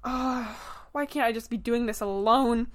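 A woman plays a reluctant companion who trails along, answering in a hesitant, weary tone. Her voice sits slightly high. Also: moderate pace, close to an everyday voice. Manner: hesitant, sighing.

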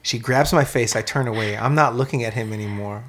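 A man in casual chat, telling a story in an animated, profane way, with lots of "man" and "dude". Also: medium pitch, fairly quick.

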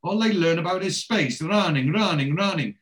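A man voicing an excitable middle-aged Italian football dad who speaks broken English with a put-on Italian accent and repeats his words for emphasis. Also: high-pitched, normal speed, pitched above the performer's own voice. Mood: lecturing.

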